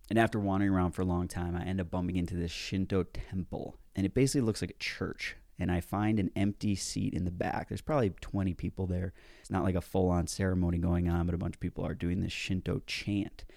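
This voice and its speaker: A man telling a personal story in a casual, animated way, with some mild swearing, as a self-help speaker. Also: low voice, creaky, dry recording, studio quality. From United States.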